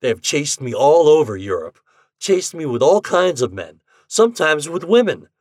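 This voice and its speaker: A man's voice: a little high, big pitch swings, moderate pace, darkish tone, no echo, clean studio sound, voice pushed up. A man voicing a breezy, slangy young American con man in a story reading. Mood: confiding. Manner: breezy, amused slangy talk. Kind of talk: audiobook character reading.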